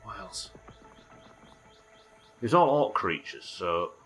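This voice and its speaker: A man from New Zealand, his accent plain, plays a game live while talking his plans through out loud. His voice sits low but comes across bright and forceful. He chats loosely with his viewers and swears offhand. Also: sing-song, slow pace, breathy edge, faint music behind. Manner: chatty, thinks aloud, swears casually, answers chat. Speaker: streamer. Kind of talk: live gameplay commentary.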